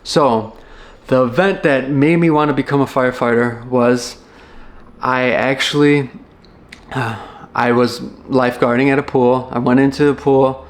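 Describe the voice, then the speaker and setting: A young man from Chicago talks through a personal memory, pausing and restarting as he goes. His voice sits at an ordinary middle pitch, and his delivery is earnest and unpolished. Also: steady tone. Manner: halting and reflective, many restarts and fillers. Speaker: former firefighter. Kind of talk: personal storytelling.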